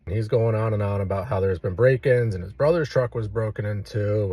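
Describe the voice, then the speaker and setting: A man, a real estate agent, casually telling a story to his viewers with lively delivery. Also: lowish voice, a little fast, hardly any pauses, no room sound. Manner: animated, acts out quoted lines.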